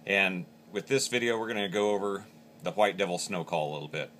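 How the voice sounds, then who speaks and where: Man, instructor, low voice, bright forceful tone, step-by-step demo talk. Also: a little fast, a little hiss or hum. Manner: plain, step-by-step explaining. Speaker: game call instructor.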